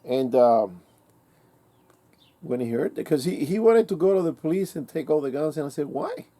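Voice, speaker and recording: A man's voice: fairly high pitch, lively intonation, moderate pace, mellow. A man casually telling a rambling story, with many fillers and restarts, acting out the quoted dialogue. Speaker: vlogger.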